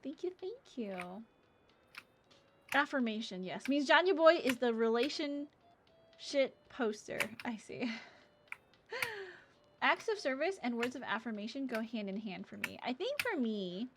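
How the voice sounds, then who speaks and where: A woman's voice: sits high, big pitch swings, measured pace, pauses often. A woman streaming a game, chatting casually and giggly while reading chat aloud. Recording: audible background noise and keyboard clicks.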